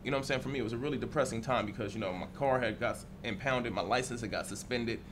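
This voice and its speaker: A man's voice: medium pitch, very fast, background noise. A man, a teacher, speaking candidly in a reflective interview with casual swearing.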